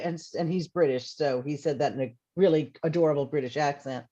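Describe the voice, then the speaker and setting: A woman's voice: low voice, normal speed. A woman author on a convention panel, telling stories in a chatty way and acting out bits of dialogue. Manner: chatty storytelling with lively re-enacted dialogue. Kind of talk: casual panel talk. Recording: slightly muffled audio.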